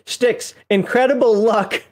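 Co-host, casual chat, reads rulebook aloud, laughs often, playful asides, mid pitch. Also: steady tone, takes it slowly, darkish tone. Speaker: co-host reviewing a game book.

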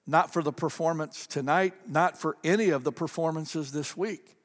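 A middle-aged man preaching a sermon, telling a story with animated swells and hushed drops. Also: a little high, normal speed. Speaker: pastor. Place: church sanctuary. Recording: long hall reverb.

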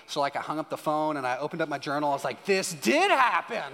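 A man preaching a sermon as a pastor, telling a story with lively acted-out dialogue. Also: a little high, very fast. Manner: animated storytelling, acting out dialogue. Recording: hall reverb with faint music.

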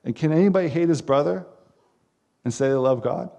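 A man's voice: on the high side, a little fast, vocal fry, warm tone. A man preaching a sermon as pastor, earnest and emphatic, with repeated phrases.

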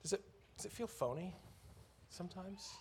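A man with a fairly high voice preaches in a church, speaking earnestly and conversationally and leaning hard on key words. Faint room ambience sits softly behind him. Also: expressive, normal speed, slight background noise. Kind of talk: sermon.

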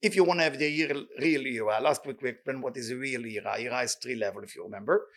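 Fast, excitable man teaching Torah. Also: medium pitch. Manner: reads Hebrew quickly, then translates in plain talk; animated, excitable delivery. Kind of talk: weekly Torah study class.

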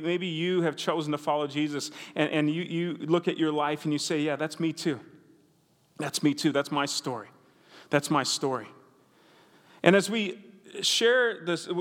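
Male preacher, storytelling sermon, lively and conversational, slightly high voice, big hall echo. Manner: animated storytelling, conversational asides. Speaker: pastor.

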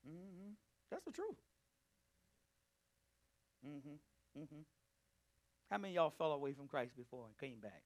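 A man teaching a Bible study, preaching emphatically and calling out to his listeners, swinging between loud and hushed delivery. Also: fairly high pitch, animated, measured pace, long pauses. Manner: emphatic, calls out to the group. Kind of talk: preaching to a live group.

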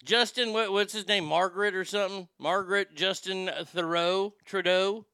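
A man's voice: sits high, fairly even intonation, moderate pace, sharp tone, clear, resonant tone, no echo. A man hosting a comedy show, delivering a crude, rambling monologue. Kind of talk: stand-up style comic monologue.

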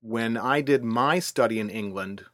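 An older man co-hosting a podcast who asks his partner measured questions in casual chat. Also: mid-range voice, a bit bright, no room sound, clean studio sound. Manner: slow, measured, interviewing questions. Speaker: podcast co-host.

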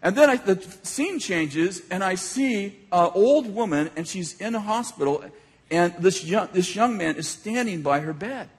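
A man preaching a sermon as an animated storyteller, laughing often as he tells a story to a hall audience. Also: high-pitched, a little slow, slightly rough. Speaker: pastor. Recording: echoey hall.

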